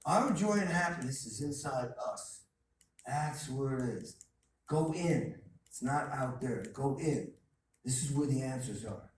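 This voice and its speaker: A man's voice: medium pitch, expressive, a little slow. Emphatic man speaking in an echoey hall. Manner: emphatic, storytelling, repeats phrases. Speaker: guest speaker. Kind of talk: motivational talk. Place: college lecture hall. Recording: distant, echoey hall with faint noise.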